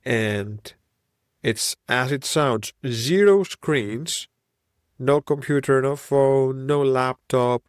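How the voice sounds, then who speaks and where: Recorded in studio quality with no room sound, this solo podcast is hosted by a man in his thirties from Greece who has a Greek accent and a mid-range voice. His thoughts wander as he reflects and muses.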